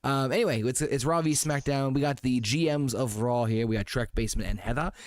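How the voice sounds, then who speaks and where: A man hosting a live gaming stream, chatting casually with loud, profane jokes. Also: medium pitch, a little fast. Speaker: host.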